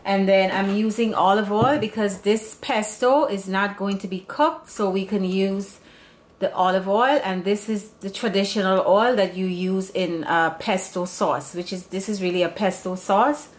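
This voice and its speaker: A woman's voice: medium pitch, normal speed. A woman hosting a home cooking demonstration, chatty and meandering, often restarting her sentences. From Serbian background. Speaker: home cooking channel host. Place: home kitchen.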